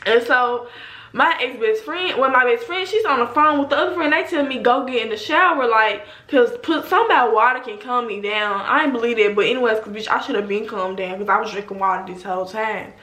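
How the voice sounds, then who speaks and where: A woman's voice: on the high side, a little fast. Slangy young woman telling a story. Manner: slangy, animated, addresses viewers directly. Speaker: vlogger. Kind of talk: casual storytime. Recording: roomy echo.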